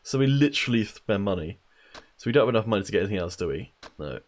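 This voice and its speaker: A man's voice: fairly low pitch, lively intonation, fast talker. A man hosting a let's play, giving casual gameplay commentary with wry, joking asides.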